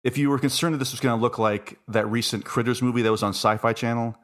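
A man's voice: medium pitch, fairly even intonation, quick pace, fairly bright tone. A man hosting a podcast in casual chat, chatty and jokey, often breaking off mid-thought. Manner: chatty, jokey, self-interrupting. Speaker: podcast host.

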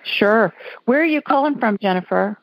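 A woman's voice: fairly high pitch, expressive, moderate pace, dry recording, rough recording. A woman from Alabama hosting a call-in radio show, talking in a chatty, folksy way. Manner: chatty, folksy, laughs easily. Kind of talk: casual call-in chat.

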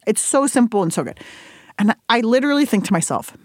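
An animated woman in her forties tells stories as an interview guest, her pitch leaping high whenever she acts out her own reactions. She laughs often and talks with candid energy. The sound is dry and close. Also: moderate pace, slightly rough, dry recording. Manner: animated storytelling, jumps high when quoting herself, laughs often. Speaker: interview guest, cookbook author.

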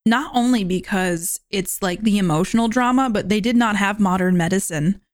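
A young woman hosting a podcast, talking casually about a movie she just watched, chatty and animated with lots of filler words. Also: medium pitch, normal speed, no echo, clean studio sound. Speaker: podcast host. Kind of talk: casual movie review monologue.

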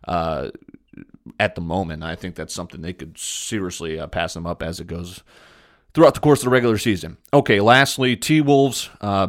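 A young man hosting a podcast, giving blunt, opinionated sports talk with frequent fillers. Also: low voice. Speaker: podcast host. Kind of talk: casual sports talk monologue.

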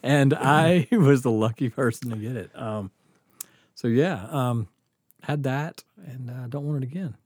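Animated man telling a story. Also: medium pitch, unhurried, breathy edge, dry recording, studio quality. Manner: animated, acts out quotes, laughs often. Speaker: guest storyteller. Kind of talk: casual storytelling.

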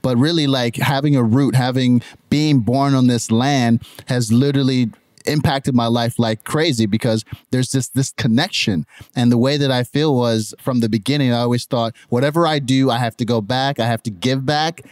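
A young adult man from Nigeria with a Nigerian accent, telling his life story in a lively, conversational way as a podcast guest. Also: moderate pace, dry recording, clean studio sound. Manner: animated, jumps into high mimicking voices when quoting others.

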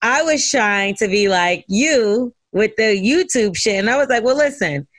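A woman's voice: a little high, lively intonation, moderate pace, no room sound, low-quality recording. A woman co-hosting a podcast in casual chat, blunt and profane, laughing often. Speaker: podcast co-host.

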